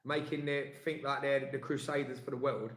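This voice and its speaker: A man's voice: medium pitch, brisk. Indignant man ranting. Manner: animated, indignant storyteller with many restarts. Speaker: co-host. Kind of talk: casual chat, ranting story. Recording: echoey room.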